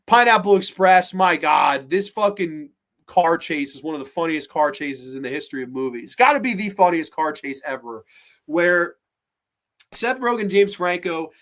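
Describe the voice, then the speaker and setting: A man hosting a podcast, retelling comedy scenes in an animated, profane, casual way. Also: on the high side, moderate pace. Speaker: podcast host. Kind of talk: casual movie chat.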